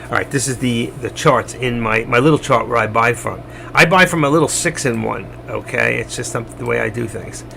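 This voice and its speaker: Gravelly man rambling through live trades. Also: mid-range voice, moderate pace, noisy background. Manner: chatty, rambling, addresses chat viewers directly. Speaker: trading live stream host. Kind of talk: casual live trading commentary.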